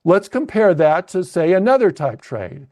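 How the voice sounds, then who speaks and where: A man with a high-pitched voice coaches a live webcast lesson on trading options. He talks his viewers through each step as he works on his screen, thinking aloud with small restarts and checks like "okay?". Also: sing-song, normal speed, warm tone. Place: at a computer narrating a screen share.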